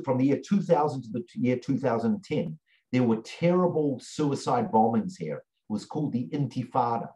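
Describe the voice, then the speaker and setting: A man teaching a lesson through a story, with earnest, repetitive storytelling and long pauses. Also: mid-range voice, dark tone, poor audio.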